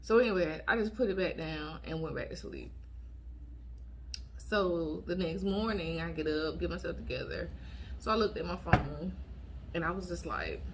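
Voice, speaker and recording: A woman vlogger telling a dating story to her viewers in a casual, blunt and animated way, often acting out what she said in a raised voice. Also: fairly low pitch, a little hiss or hum.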